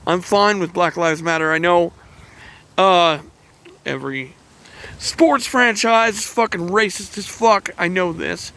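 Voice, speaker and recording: A man hosting his own channel, delivering a heated, emotional monologue to camera, swearing often and pausing to sigh. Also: high voice, bright, forceful tone. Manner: angry, profane ranting with sighs and restarts. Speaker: channel host.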